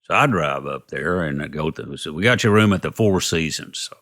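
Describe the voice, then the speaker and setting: Deep-voiced man telling stories. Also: lively intonation, a little fast, a bit bright. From Texas. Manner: rambling, retells dialogue with "I go" and "he goes". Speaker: interview guest. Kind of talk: casual anecdotal storytelling.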